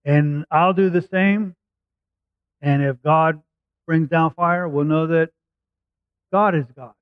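Guy preaching a sermon, kinda high voice, chatty storytelling, tinny phone sound. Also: slow pace, smooth, no room sound. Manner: retells a scripture story in a lively, conversational way with voiced quotes. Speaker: pastor.

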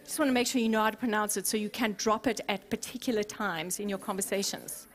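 A woman pastor preaching a sermon, expressive and playful, with humorous asides to the congregation. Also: medium pitch, fast talker. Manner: expressive, acts out scenes.

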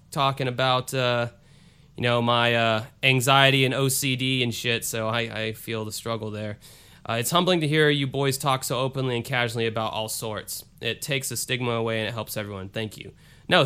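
A man's voice: medium pitch, sharp tone, clear, resonant tone. A male podcast host reading listener emails aloud in a loose, casual way, swearing and breaking off into asides. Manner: loose and profane, with restarts and asides.

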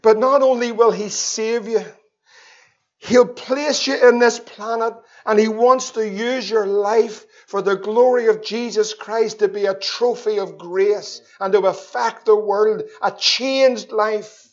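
A man preaching an evangelistic sermon, swinging between loud pleas and hushed tones. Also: sits high, steady tone, slow. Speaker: pastor. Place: church. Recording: dull lo-fi sermon recording.

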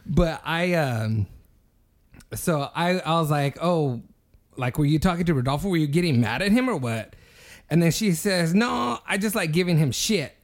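Animated high-pitched man telling a story. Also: normal speed. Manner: animated, swearing, acts out quotes. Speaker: podcast co-host. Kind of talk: casual storytelling chat.

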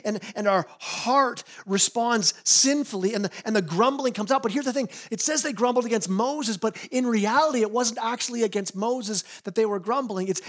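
A male pastor preaching a sermon, earnest and often repeating words as he presses a point. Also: high-pitched.

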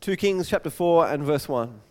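A man's voice: fairly high pitch, animated, moderate pace, big-room sound. A pastor preaching a sermon, earnest and often repeating words as he goes.

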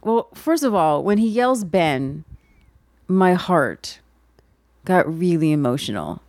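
A woman's voice: fairly low pitch, a little slow, no room sound, clean studio sound. A woman co-hosting a podcast, chatting casually and restarting her sentences as she goes. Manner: chatty, trails off and restarts, animated when recounting. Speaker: podcast co-host. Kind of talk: casual chat.

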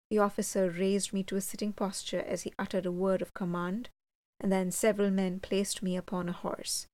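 A woman narrating a gothic story in the first person, with a measured, suspenseful delivery. Her voice sits in an ordinary middle range. The recording is close and dry, with no room sound. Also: medium pitch, level tone, a little mellow, no echo. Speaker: audiobook reader.

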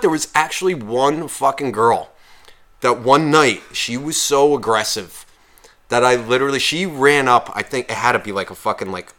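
A man co-hosting a podcast, telling profane bar stories in casual chat and mocking people with put-on voices. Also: medium pitch. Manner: profane, animated storytelling with mocking impressions. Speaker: podcast co-host, former bartender.

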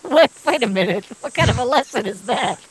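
A woman playing a dry, deadpan grown son camping with his father in an improvised comedy scene, questioning his father's odd remarks. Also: fairly high pitch, brisk, husky, rough recording.

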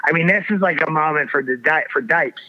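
A man's voice: on the high side, brisk. A man telling a wild story in casual chat, rambling and swearing with lots of restarts. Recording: dull lo-fi audio.

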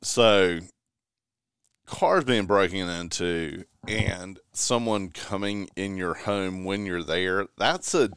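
A man, a guest on a radio talk show, chatting casually with wry, measured remarks. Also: sits low, fairly bright tone, clear, resonant tone, dry recording, clean studio sound. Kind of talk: casual chat.

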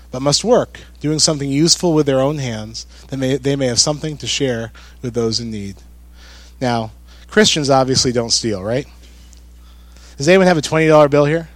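A pastor with a male voice on the high side preaches a sermon in church, speaking conversationally. He repeats key phrases and puts questions to the congregation, and the recording is dry.

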